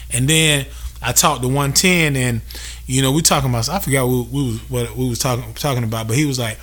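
A man's voice: medium pitch, fairly quick, a bit bright. A young man hosting a podcast, venting casually with loose, profane talk and lots of repetition for emphasis. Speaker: podcast host.

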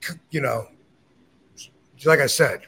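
A man's voice: medium pitch, slow pace, a bit bright, slightly rough. A middle-aged man telling a story in casual chat, blunt and profane, acting out the lines he quotes. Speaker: podcast host telling a story.

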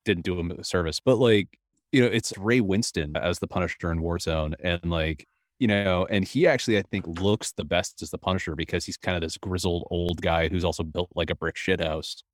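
A man with a low, deep voice, musing in casual chat and hedging his points with loose fillers. His humor is dry and offhand. The sound is close and dry. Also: brisk, dry recording.

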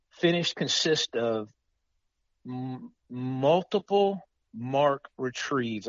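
A man's voice: mid-range voice, no echo, highs cut off. A man explaining the rules of retriever tests in a casual chat. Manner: explains rules plainly, agrees often.

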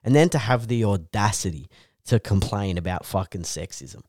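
A man's voice: lowish voice, lively intonation, moderate pace, a little mellow, no echo. Ranting, swearing man, dry sound. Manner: crude, ranting, swears a lot. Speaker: podcast co-host. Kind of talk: crude casual banter.

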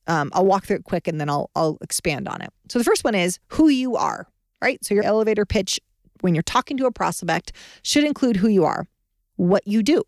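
A woman's voice: fairly low pitch, a little mellow, no room sound, studio quality. A woman hosting a podcast, teaching sales in a confident, emphatic, conversational way as a business advisor.

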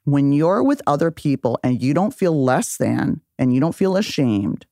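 Profane, animated woman telling stories. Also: low voice, normal speed, no echo, studio quality. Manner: profane, animated storytelling, acts out quotes. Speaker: podcast guest, memoir author. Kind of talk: candid casual chat.

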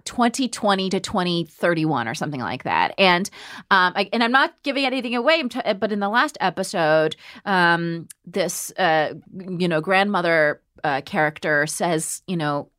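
A woman's voice: fairly low pitch, lively intonation, normal speed, a bit bright, dry recording. Impassioned woman host, dry close sound. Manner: impassioned, rambling with many fillers and swearing. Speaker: podcast host. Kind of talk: casual discussion. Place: New York.

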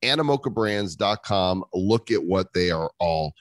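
A man's voice: low-pitched, a little slow, no echo, clean studio sound. A man hosting a crypto podcast, reading a scripted intro and then chatting and joking with his co-host. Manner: lively, jokey, laughs often.

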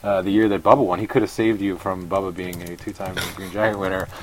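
Low-voiced man rambling in casual chat. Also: flat delivery, quick pace, crowd noise, low-quality recording. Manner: rambling, thinks aloud with many "like"s and restarts. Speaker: podcast guest, sportswriter.

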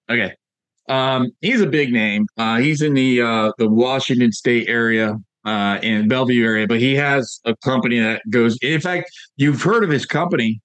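A man's voice: medium pitch, dry recording. A man coaching real estate agents in a casual motivational talk, telling stories with lots of fillers and repeated phrases. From Northern Virginia, USA.

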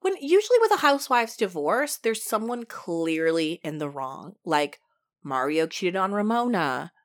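A woman's voice: lowish voice, big pitch swings, moderate pace. A woman co-hosting a casual podcast chat, making wry, joking remarks. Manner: wry and joking, with frequent laughs. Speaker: podcast co-host. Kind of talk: casual chat recapping reality TV.

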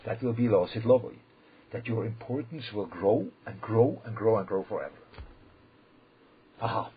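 A man teaching a Torah lesson as a rabbi, emphatic and repetitive, with sudden loud bursts when he quotes the verses. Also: on the low side, moderate pace. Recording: dull lo-fi recording with faint background noise.

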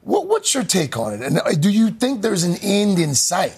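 A man's voice: high voice, huge pitch swings, normal speed, gravelly, a little mellow, slightly rough. A man hosting a morning talk show, asking a guest teasing, curious questions. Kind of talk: casual talk show chat. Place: television studio.

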